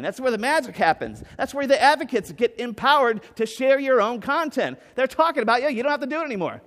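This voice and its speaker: A man giving an enthusiastic, joking conference talk on stage, with lots of "right?" and quick asides. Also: high-pitched. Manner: animated, enthusiastic, jokey with frequent "right?" and fillers. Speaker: conference speaker. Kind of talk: energetic conference keynote. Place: large conference hall. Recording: echoey hall with long reverb.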